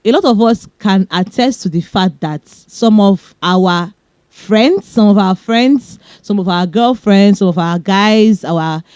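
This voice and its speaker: A young woman with a Nigerian accent talks fast and chattily, handing out relationship advice with little laughing asides. Her voice is mellow and warm. The recording is dry and close. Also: medium pitch, no room sound. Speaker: podcast host. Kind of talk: casual advice talk.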